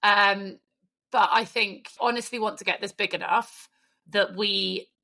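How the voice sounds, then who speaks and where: Cheeky, bright woman co-host. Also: mid-range voice, fairly even intonation, vocal fry. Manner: cheeky, sweary, quick to laugh. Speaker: podcast co-host. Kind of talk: casual chat.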